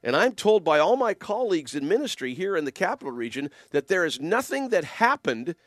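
A man's voice: a little high, very animated, brisk, fairly bright tone, no room sound, clean studio sound. A man in ministry talking in a casual, earnest and rambling way, with emphatic stresses. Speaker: minister giving a talk. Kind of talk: casual spoken reflection. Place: lives in the Ottawa region.

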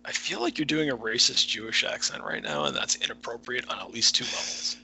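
Husky sarcastic podcast guy. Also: medium pitch, very animated, fairly quick, pushed and bright, rough recording. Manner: dry, sarcastic banter. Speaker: podcast co-host. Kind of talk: casual movie commentary.

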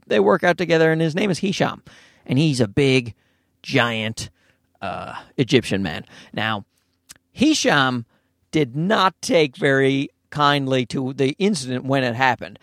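Brief: podcast host, man, fairly high, very expressive, swears a lot, laughs easily. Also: no room sound, clean studio sound. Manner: animated, profane, laughing often. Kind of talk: casual storytelling.

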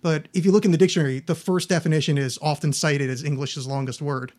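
A man's voice: a little high, fairly even intonation, fast talker, darkish tone. A man hosting a casual comedy podcast in a studio, joking, self-deprecating and stumbling over long words. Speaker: podcast host. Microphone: studio microphone.

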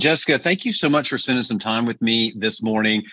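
A man's voice: medium pitch, fairly quick, pushed and bright, no room sound. A man hosting an interview podcast, eager and chatty, often stumbling and restarting his sentences. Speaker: podcast host. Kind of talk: conversational interview.

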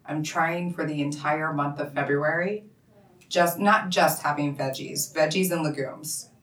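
Low-voiced woman host, roomy and off-mic. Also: fairly even intonation, a bit bright, far from the mic. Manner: enthusiastic, quick to agree. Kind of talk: casual chat. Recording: roomy echo, voice a bit off-mic.

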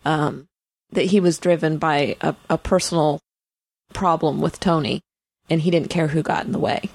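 A woman's voice: deep voice, fairly even intonation, moderate pace, gravelly, dry recording. A woman co-hosting a podcast, talking casually and hesitantly with many fillers. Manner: hesitant, full of "you know" fillers. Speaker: podcast co-host. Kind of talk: casual chat.

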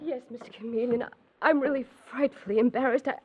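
A woman's voice: fairly high pitch, fast, background noise, lightly acted. An actress playing a nervous, fluttery young woman secretary in 1940s radio acting style. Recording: dull old radio recording.

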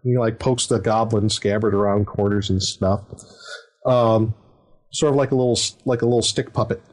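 A man's voice: on the low side, steady tone, normal speed, darkish tone. Rambling middle-aged man telling a game story. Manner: rambling, chuckling, many fillers. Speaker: dungeon master, podcast host. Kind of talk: casual storytelling chat.

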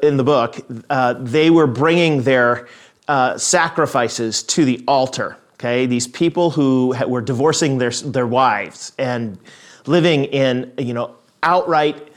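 A middle-aged pastor delivers his sermon like a conversation, telling stories and often restarting his sentences. His voice sits a little high for a man.

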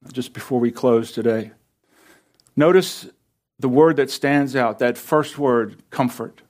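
Man preaching an earnest sermon. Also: mid-range voice. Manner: earnest, builds emphasis through repetition. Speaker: pastor. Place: church stage under lights.

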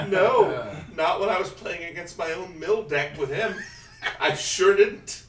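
A man's voice: high-pitched, takes it slowly, fairly bright tone. A man chatting casually on a podcast, joking and laughing often. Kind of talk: casual chat. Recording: roomy, distant mic, faint hum.

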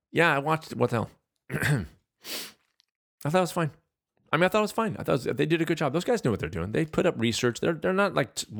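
Animated ranting man on a podcast. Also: mid-range voice, creaky, no echo, clean studio sound. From California. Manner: animated, ranting, self-deprecating. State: out of breath. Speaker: podcast host. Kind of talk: casual monologue.

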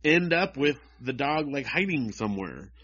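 Man, wry, mocking, casual chat, mid pitch, dull recording. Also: sing-song, moderate pace, a bit bright, breathy edge. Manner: wry, mocking, reads dialogue in raised voices. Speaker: co-host reading comic strips. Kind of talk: casual chat, reading aloud. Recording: dull lo-fi sound.

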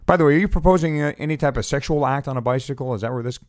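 Joking podcast host guy, mid pitch, dry studio sound. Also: racing, a little mellow, no echo. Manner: wry, joking. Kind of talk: casual podcast chat.

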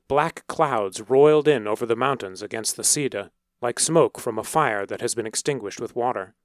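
A man narrating a story in a measured, dramatic way. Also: medium pitch, fairly bright tone, no room sound, studio quality. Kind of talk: scripted narration.

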